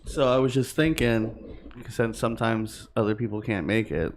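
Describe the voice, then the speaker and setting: A man's voice: on the low side, normal speed, slight background noise. A man co-hosting a casual talk show podcast from a home studio room, laughing often while he talks through plans. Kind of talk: casual chat.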